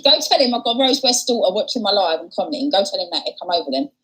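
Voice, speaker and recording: A woman's voice: mid-range voice, expressive, rapid-fire, fairly bright tone, poor audio. A woman hosting a casual livestream, talking bluntly and swearing often. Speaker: livestream host. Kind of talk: casual live commentary.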